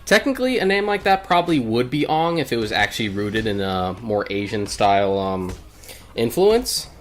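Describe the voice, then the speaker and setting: This young man, a guest co-commentator, talks through a game in casual commentary with a medium-pitched voice that swings widely, at normal speed, over faint hiss or hum. He's opinionated and goes on at length about comic lore.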